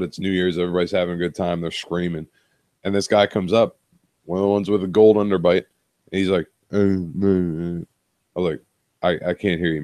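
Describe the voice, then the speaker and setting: A man with a lowish voice, recorded close and dry. He co-hosts a casual chat and tells exasperated, profanity-laced bar stories. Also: a little mellow, dry recording. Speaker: podcast co-host, bartender.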